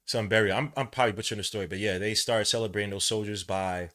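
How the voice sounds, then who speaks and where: A man from New York hosting a live watch-along, rambling between casual play-by-play and chat, and shouting when plays excite him. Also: on the low side, fast. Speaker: podcast host doing a game watch-along.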